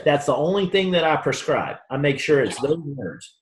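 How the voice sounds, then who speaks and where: A man's voice: on the high side, moderate pace, hardly any pauses. A man giving a motivational sales training talk to a room, acting out both sides of the conversations he tells about. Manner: animated storytelling, acts out both sides of conversations. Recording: roomy echo.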